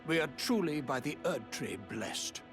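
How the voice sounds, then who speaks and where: A grandiose noble lord from a video game, speaking in a formal, old-fashioned manner. His pitch swoops widely through every line, with game music playing faintly behind him. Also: very animated, unhurried. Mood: courtly. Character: pompous courtly male noble lord. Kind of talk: video game character dialogue.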